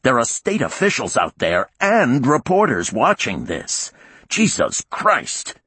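A man's voice: lowish voice, slow pace, fairly bright tone, slightly rough, no echo, pitched above the performer's own voice, full character voice. A man voicing an angry prison warden who barks urgent orders in a raised, strained voice. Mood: furious.

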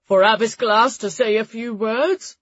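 A woman voicing a pompous older male high priest who drones formal words. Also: a little slow, dry recording, muffled recording. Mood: droning. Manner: droning, formal.

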